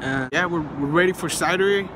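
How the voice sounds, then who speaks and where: A young man hosting a casual travel vlog, talking excitedly and joking loudly to the camera. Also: a little high, fairly quick, noisy background. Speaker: vlogger. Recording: music playing loudly behind.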